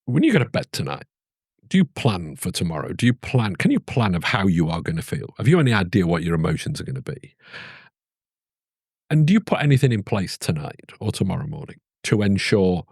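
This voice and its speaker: Deep, husky male host. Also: darkish tone, no echo, studio quality. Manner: probing, rephrases and restarts questions. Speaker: podcast host. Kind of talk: interview questions.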